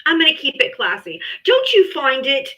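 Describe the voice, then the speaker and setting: A woman's voice: high-pitched, huge pitch swings, moderate pace, sharp tone, rough recording. A woman hosting a live streamed political debate, brash and profane, mocking her guests with laughter. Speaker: livestream host.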